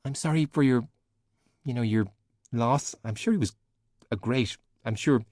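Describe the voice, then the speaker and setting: A man's voice: medium pitch, measured pace, a little mellow, no room sound, studio quality, lightly acted. A man voicing a tough teenage sorceress who talks bluntly and grumbles.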